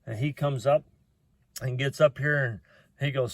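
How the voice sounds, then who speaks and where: A man's voice: mid-range voice, fairly even intonation, a little slow, dry recording. Folksy middle-aged man telling a story. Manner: folksy, plainspoken, lots of "uh" fillers and restarts. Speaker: vlogger telling a personal story. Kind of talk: rambling casual storytelling.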